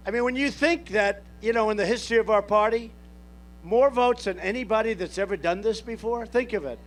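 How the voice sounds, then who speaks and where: A man's voice: high voice, a little fast. A man making a campaign rally speech at an outdoor airport rally, boastful and repetitive, speaking off the cuff to the crowd. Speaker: presidential candidate at a rally.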